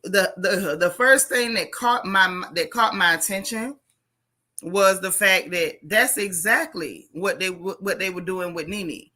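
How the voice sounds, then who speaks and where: A woman's voice: lowish voice, a little slow, bright, forceful tone. A woman hosting a casual gossip livestream, chatting straight to her viewers and reading posts aloud in her own voice.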